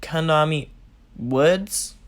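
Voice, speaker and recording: A man voicing an eager, excitable boy hero who gushes and pleads in a raised voice. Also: very slow, clear, resonant tone. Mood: excited, pleading. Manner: high, gushing and pleading.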